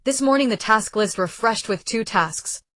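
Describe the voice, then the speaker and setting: A woman narrating a translated web novel as an audiobook, reading in an even, steady manner. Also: a little high, moderate pace, dry recording.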